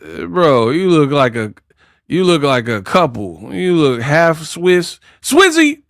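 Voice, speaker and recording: Slow, joking boxing commentator man. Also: on the high side, animated, creaky, no echo, clean studio sound. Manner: trash-talking, joking, breaks into song and mock accents.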